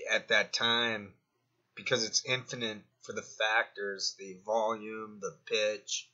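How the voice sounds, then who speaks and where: A man's voice: lowish voice, pushed and bright, lo-fi sound. A man hosting a commentary channel, digressing as he talks himself through his points in a rambling monologue.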